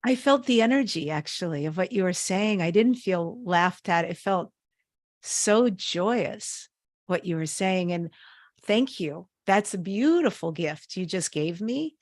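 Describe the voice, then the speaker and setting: A woman podcast host chatting warmly with her guest, grateful and open. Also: on the low side, expressive, unhurried, no echo, studio quality. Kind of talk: casual chat.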